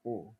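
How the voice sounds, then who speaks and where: A young man rambling casually about his film, laughing often, stumbling over his words and swearing. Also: narrow, tinny audio. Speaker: filmmaker talking about his movie.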